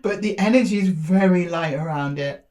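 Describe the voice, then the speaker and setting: A woman's voice: on the low side, a little mellow. Lady doing a casual tarot reading, giggly and chatty, acts out the universe talking back. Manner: chatty and playful, laughs often, acts out the universe in quick asides. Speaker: tarot reader.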